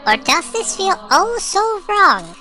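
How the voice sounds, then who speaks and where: A woman streams a game live and reacts with dry, wry remarks. Her voice is very high and bright, and she talks at an unhurried pace. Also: sing-song, soft background music.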